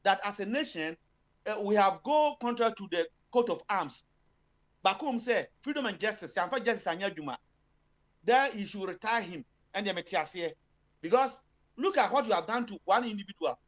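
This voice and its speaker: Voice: medium pitch, lively intonation, moderate pace. A speaker with a Ghanaian accent giving impassioned political commentary, switching between Twi and English with many fillers and emphatic bursts.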